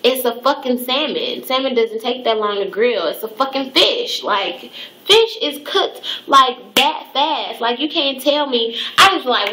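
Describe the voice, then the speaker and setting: A woman's voice: high-pitched, expressive, measured pace, bright, forceful tone. A young woman, a cosmetology student, telling a profane, exasperated story in a casual rant. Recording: echoey room.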